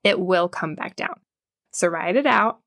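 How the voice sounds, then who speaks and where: Calm reassuring woman psychologist. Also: fairly low pitch, measured pace, no echo, clean studio sound. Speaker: child psychologist guest. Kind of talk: podcast interview.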